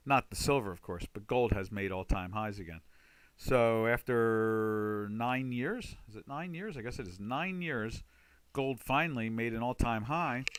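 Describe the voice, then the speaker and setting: An older man hosting a trading webinar, chatting loosely about charts with many fillers and restarts. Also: medium pitch. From United States. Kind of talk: casual market commentary over charts.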